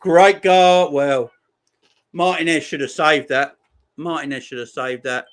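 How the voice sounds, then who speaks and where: A man's voice: medium pitch, unhurried, pushed and bright. A man in his forties giving chatty live football watchalong commentary and bantering with his chat. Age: 40s. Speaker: streamer.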